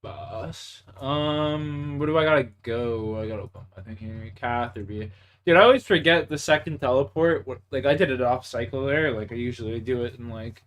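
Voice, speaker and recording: A man's voice: mid-range voice, a little hiss or hum. A young man from Canada, streaming a game live, chatting casually with viewers, laughing often, swearing and mocking himself, muttering to himself as he plays. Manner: laughs a lot, swears, self-mocking, calls viewers bro and dude; mutters to himself while playing. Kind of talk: casual live-stream chat while gaming.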